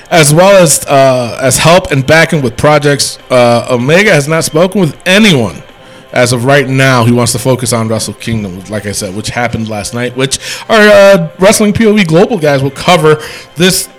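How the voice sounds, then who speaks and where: A man co-hosting a casual wrestling podcast, talking in an animated, rambling way with restarts. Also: on the high side, low-quality recording. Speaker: podcast co-host.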